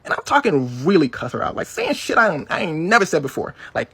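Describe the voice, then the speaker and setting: An American man tells a comedic story with a lively, swooping voice that has a gravelly edge. He talks fast and punchy, with plenty of profanity, and the husky sound is dry and close. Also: fairly high pitch, no echo. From United States. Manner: animated, profane, punchy delivery.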